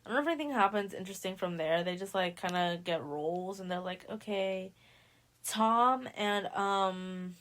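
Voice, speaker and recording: A woman's voice: lowish voice, expressive, moderate pace, few pauses, fairly bright tone. A young woman hosting a podcast, casually recapping a novel in slangy speech and acting out the characters' lines. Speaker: podcast host.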